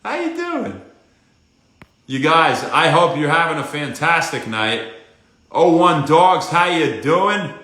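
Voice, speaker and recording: A man, hosting a casual wellness livestream, greeting viewers by name and giving fast, upbeat health tips. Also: on the high side, pushed and bright. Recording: echoey room.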